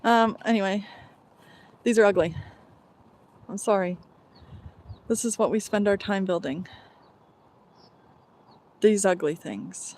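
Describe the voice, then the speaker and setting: A woman's voice: mid-range voice, takes it slowly, long pauses, darkish tone. A woman streaming live from her phone while walking outdoors, chatting casually and meandering from thought to thought with the odd sigh. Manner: rambling, meandering, with sighs. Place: outdoors on a walk.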